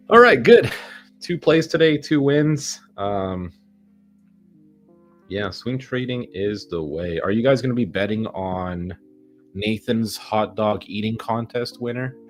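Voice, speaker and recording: Deep-voiced man narrating his stock trades. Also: unhurried, faint music behind. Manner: excitable, swearing, talks to the chart. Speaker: day-trading vlogger. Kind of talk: casual live trading commentary.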